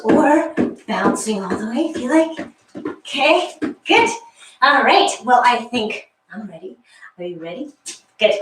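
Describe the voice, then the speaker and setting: A woman's voice: fairly high pitch, expressive, a little slow, pauses often, a bit bright, slight background noise. A woman leading a guided workout class, counting reps with chatty asides and slightly out of breath. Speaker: fitness instructor. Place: exercise room with a wall. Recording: echoey room, mic far off.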